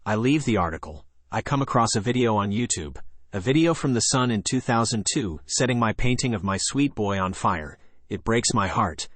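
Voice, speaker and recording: A man reading a first-person horror story in a plain, even narration. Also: on the low side, normal speed, no echo.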